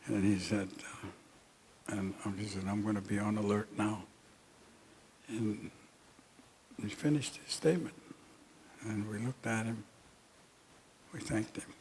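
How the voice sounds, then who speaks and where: An older man recounting a personal story in a speech, unhurried and halting with many pauses. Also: lowish voice, a little mellow, slight background noise. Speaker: speaker at an honoring event.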